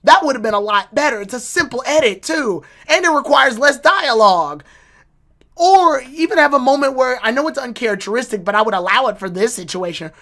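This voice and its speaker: A woman's voice: high voice, lively intonation, fairly quick, a bit bright. A woman giving a casual, rambling and opinionated episode review with swearing and restarts. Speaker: anime reviewer.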